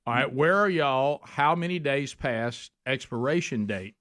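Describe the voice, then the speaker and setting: A man, hosting a radio talk show and telling stories with lively quoted dialogue. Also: mid-range voice, unhurried, no echo, studio quality. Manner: animated storyteller, acts out quotes. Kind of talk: casual radio banter and storytelling.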